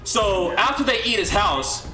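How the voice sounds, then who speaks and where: A young man hosts a livestream and chats loosely with his viewers, his rambling recap full of restarts and incredulous asides. His voice sits high and swings widely in pitch, with a bright edge. It sounds as if it was recorded in an echoey room with faint music underneath. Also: animated, a little slow. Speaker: livestream host. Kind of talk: casual recap talk to a livestream chat.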